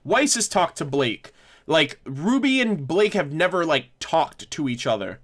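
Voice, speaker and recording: A man's voice: a little high, very animated, unhurried, fairly bright tone. A man hosting a casual livestream discussion, rambling and correcting himself with frequent laughs. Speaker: livestream host.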